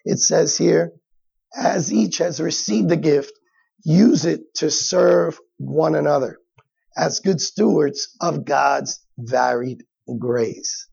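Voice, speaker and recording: A high, gravelly male pastor preaches in an easy, conversational way and slips into little acted asides. His voice is husky and the recording sounds dull and lo-fi. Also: slow, a little mellow. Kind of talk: sermon.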